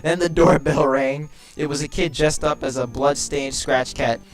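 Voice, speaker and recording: A man's voice: a little high, steady tone, moderate pace, faint music behind. A young man reading a creepypasta aloud with friends, mocking it sarcastically and cracking crude jokes.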